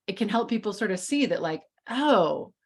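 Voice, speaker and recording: A woman's voice: mid-range voice, lively intonation, quick pace. Chatty woman hosting a group call. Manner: chatty, laughs often, many "like" and "you know" fillers. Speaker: mastermind group host. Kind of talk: casual group discussion.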